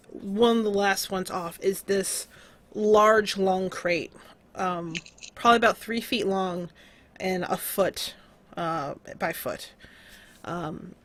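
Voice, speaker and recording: A woman's voice: medium pitch, a bit bright. A woman narrating as game master of a tabletop game, casual and loose, with frequent fillers.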